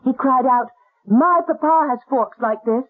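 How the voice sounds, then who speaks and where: An actress playing a brisk, matter-of-fact woman in a 1970s radio drama, with a husky, low voice. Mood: explaining. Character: brisk, practical woman of the household. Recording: lo-fi old radio broadcast.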